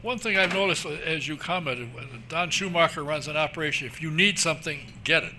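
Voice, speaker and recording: Radio host, a man with a bright, sharp voice, asking questions and praising his guest. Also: fairly high pitch, brisk, a little hiss or hum. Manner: complimentary, leading questions. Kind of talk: radio interview.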